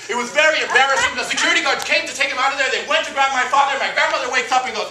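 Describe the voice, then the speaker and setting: A man from Miami performing an animated, self-mocking comic monologue on a theater stage. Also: extremely high pitch, racing, hardly any pauses, distant mic. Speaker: solo performer. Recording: roomy stage taped from afar, noisy.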